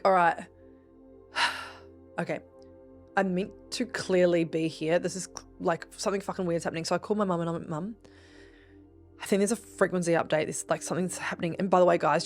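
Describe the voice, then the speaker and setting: A young Australian woman hosting a podcast, telling a personal story in a chatty, swearing way and acting out the voices she quotes. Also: on the low side. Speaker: podcast host. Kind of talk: casual storytelling monologue.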